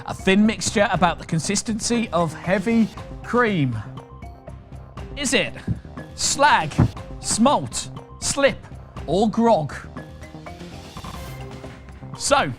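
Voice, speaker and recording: A man's voice: sits high, expressive, extremely slow, long pauses, a bit bright, soft background music. A British man hosting a live online quiz, reading out questions and answer options with chatty, jokey patter. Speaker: quiz master.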